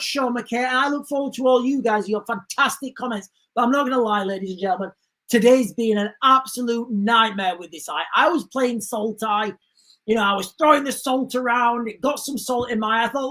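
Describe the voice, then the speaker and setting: A man's voice: very high-pitched, fairly quick, bright, forceful tone. A man hosting a casual commentary livestream, rambling, restarting his sentences and calling his viewers guys. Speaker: livestream host. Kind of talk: casual political commentary stream.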